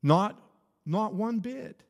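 A man's voice: sits high, expressive, drawn-out words, creaky. A man preaching an informal sermon, telling stories in a conversational way, often restarting his phrases and chuckling. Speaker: pastor. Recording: long hall reverb.

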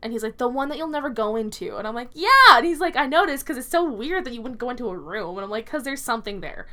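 A woman in her twenties co-hosts a podcast, sharing personal stories in chatty conversation. Her fairly high, sharp voice is animated and fast, and she quotes people often and laughs a lot.

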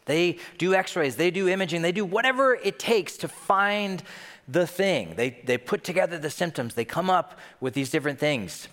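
A young man preaches a sermon in a large church hall, his voice rising and falling in lively swings. He tells stories playfully and acts out the voices of the people in them. A long reverb trails behind every phrase. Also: fairly high pitch, moderate pace. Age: young adult. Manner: animated, playful storytelling with acted-out voices. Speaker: pastor.

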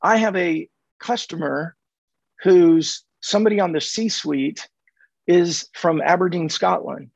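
Man, gravelly, slightly high voice, dull dry lo-fi sound, animated storyteller. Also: slow, no room sound. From California. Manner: animated, acts out dialogue in anecdotes. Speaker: podcast guest, sales coach. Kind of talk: conversational storytelling.

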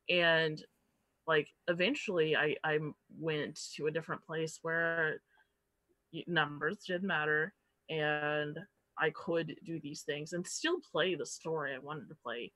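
A woman telling a story as a guest in casual podcast chat, animated and swearing casually. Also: sits low, measured pace, no echo.

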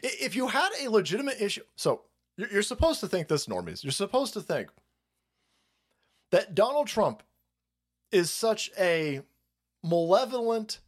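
A man ranting on a live stream, swearing freely and hammering his points again and again. His voice sits a little high for a man and swings widely in pitch. He mocks and jeers as he goes. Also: very animated, normal speed, long pauses. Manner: heated, repetitive, mocking. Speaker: stream host. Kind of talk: profane political rant.

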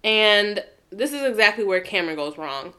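A woman's voice: medium pitch, lively intonation, normal speed, bright, forceful tone. A young woman co-hosting a podcast in casual chat, teasing her co-host and laughing often.

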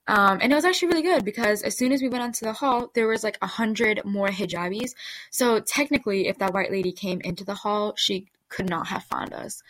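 A woman's voice: mid-range voice, a bit bright, rough recording. A woman hosting her own podcast, telling a personal story in a casual, chatty way, full of "like" and "okay?". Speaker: podcast host.

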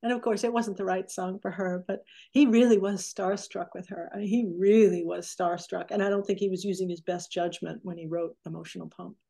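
Mellow-voiced woman in her sixties, storytelling. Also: medium pitch, fairly quick, gravelly, hardly any pauses. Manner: animated, acts out quoted remarks. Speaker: interview guest, recording engineer. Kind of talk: conversational storytelling.

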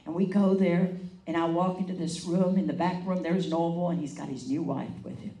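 A woman evangelist telling a story in a sermon, animated and laughing as she acts out the quotes. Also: on the low side, normal speed. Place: meeting hall. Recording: echoey room, mic at a distance.

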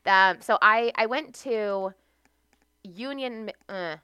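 A woman's voice: mid-range voice, takes it slowly, bright, forceful tone, smooth, no room sound. A young American woman, a podcast guest, telling stories from her life in a chatty way and laughing often. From United States. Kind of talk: casual podcast conversation.

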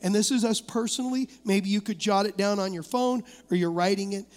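A male pastor delivers a sermon with animated, storytelling energy. His voice sits very high for a man. It is recorded in a sanctuary whose long reverb trails after each phrase. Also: a little fast. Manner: animated storytelling preacher, laughing through stories. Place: church sanctuary.

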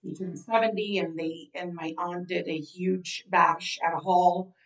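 A young woman from Florida co-hosts a casual chat, talking freely and repeating herself as she goes. Her voice sits a touch low. She sounds slightly off-mic. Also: fairly even intonation, unhurried, a bit bright, recorded from a distance, poor audio. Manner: chatty, laughs easily, repeats phrases. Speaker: podcast co-host.

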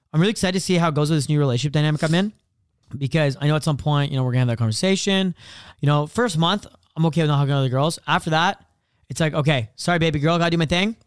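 A young man in a candid, profane podcast chat, racing through his words. His voice sits a little high for a man. The sound is close and dry, with no room around it. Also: dry recording. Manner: fast, profane, confessional, acts out quotes. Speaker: podcast co-host.

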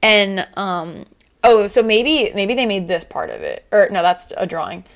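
A young woman talks casually with a friend about a show she loves. She is excitable and breaks into high squeals and shouts when something thrills her. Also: unhurried. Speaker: co-host. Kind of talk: casual fan discussion.

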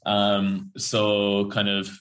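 A man's voice: on the low side, monotone, extremely slow, a bit bright. A young Irish man, a professional rugby player, chatting loosely in an interview with lots of fillers and the odd swear word. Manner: chatty and rambling, full of fillers and slang, swears freely. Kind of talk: casual podcast interview.

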